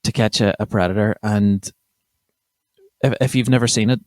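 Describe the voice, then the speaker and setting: A man's voice: on the low side, fairly even intonation, moderate pace, darkish tone, dry recording, clean studio sound. A young man from County Armagh with a Northern Irish accent, hosting a comedy podcast in a rambling, sweary, self-interrupting chat. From County Armagh, Northern Ireland. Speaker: podcast host. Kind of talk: casual comedy monologue.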